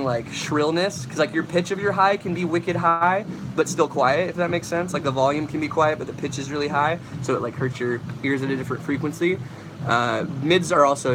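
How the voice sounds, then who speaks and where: A man's voice: fairly high pitch, noisy background. A young man casually hosting a livestream, rambling as he answers chat questions about vocals. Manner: casual, rambling, demonstrates screams.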